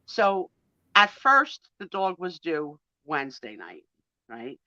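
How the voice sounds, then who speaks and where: A woman telling stories in a casual live-stream chat, animated and quick to laugh, acting out what people said. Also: fairly low pitch, no room sound. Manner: animated storyteller, quick laughs, acts out quotes. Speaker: guest co-host of a live sale chat. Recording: dull, dry lo-fi stream audio.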